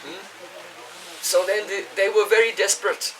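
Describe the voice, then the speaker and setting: A man with a high voice teaches a scripture class in an explaining way, now and then asking his listeners whether they follow. He stands well back from the microphone, so he sounds distant. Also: steady tone, moderate pace, fairly bright tone. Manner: chants Sanskrit verses. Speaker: spiritual teacher. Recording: voice distant from the mic.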